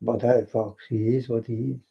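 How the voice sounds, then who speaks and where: Man, Dutch accent, native Dutch speaker, broken English, monotone, rambling spiritual vlog, addresses folks. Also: mid-range voice, normal speed, vocal fry, slightly rough. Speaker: vlogger. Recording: dull lo-fi recording.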